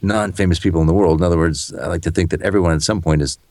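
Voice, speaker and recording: A middle-aged man who works as a voice-over announcer, telling stories fast and animatedly in a casual podcast chat, with some swearing. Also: low voice, no room sound, studio quality. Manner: rapid, animated storytelling with expletives.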